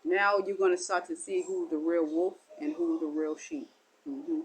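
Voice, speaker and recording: A woman's voice: low-pitched, fairly even intonation, moderate pace, a little hiss or hum, poor audio. Woman giving a meandering spiritual talk. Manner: meandering, repetitive, folksy. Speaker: self-styled spiritual teacher. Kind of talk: spiritual monologue.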